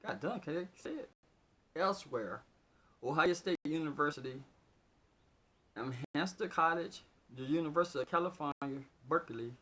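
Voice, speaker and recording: A man doing a casual, unedited news vlog. He reads the headlines haltingly, then drifts into loose, excitable asides. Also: mid-range voice. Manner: reads news items aloud, then riffs on them excitedly. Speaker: vlogger reading news. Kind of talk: casual unscripted commentary.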